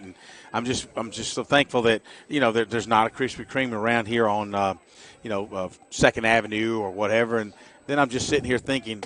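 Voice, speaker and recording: A middle-aged man giving chatty, folksy color commentary on a high school football game for radio. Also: a little fast, a bit bright. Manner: folksy, chatty, jokey asides.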